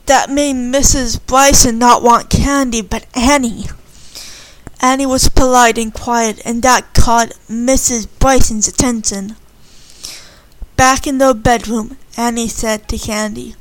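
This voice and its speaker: A woman's voice: a little high, fairly even intonation, slow, no echo, poor audio. A woman casually retelling a story in simple, earnest words.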